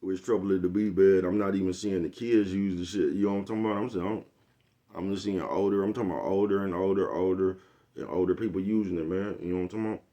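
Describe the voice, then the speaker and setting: A man with a deep, low voice rambles through a casual monologue to his viewers. He swears freely and keeps asking whether they know what he is talking about. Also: fairly even intonation, fast talker, mellow. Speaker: vlogger.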